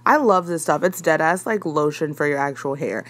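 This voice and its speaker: Relaxed young woman chatting through a tutorial. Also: sits low, moderate pace, no echo. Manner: chatty, relaxed, with frequent ums. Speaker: hair tutorial vlogger. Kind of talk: casual voice-over tutorial.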